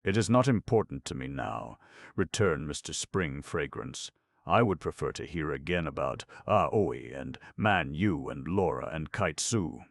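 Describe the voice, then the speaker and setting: A man's voice: extremely low pitch, animated, unhurried, gravelly, no room sound, full character voice. A man voicing a reserved husband who speaks formally and earnestly, in an audiobook.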